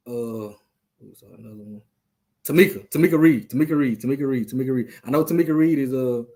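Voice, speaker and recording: A man's voice: mid-range voice, darkish tone. A man hosting a live sports talk stream, rambling loosely and trash-talking the teams. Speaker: podcast host.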